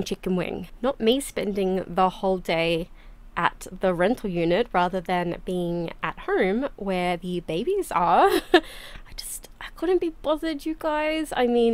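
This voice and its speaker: A woman hosting a gaming channel, giving casual, chatty gameplay commentary with lots of quick exclamations. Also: medium pitch.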